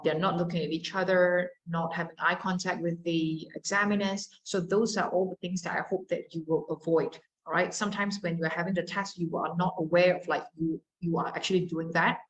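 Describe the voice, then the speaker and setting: A woman's voice: lowish voice, rough recording. Malaysian woman teaching exam English. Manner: switches into Mandarin to explain, models pronunciation. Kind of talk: exam-prep lesson.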